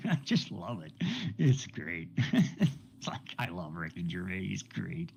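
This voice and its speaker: Ranting man with a lively, swooping voice. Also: mid-range voice, measured pace, creaky, low-quality recording. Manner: profane, laughs often, rambling. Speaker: game streamer. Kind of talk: rambling pre-stream rant.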